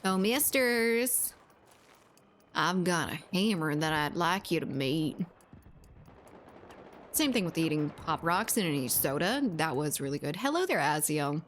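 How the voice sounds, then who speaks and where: A woman's voice: deep voice, lively intonation, unhurried, long pauses, slight background noise. A woman from Latin America chatting casually and swearing freely while streaming a shooter game, often laughing. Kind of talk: casual gaming stream chat.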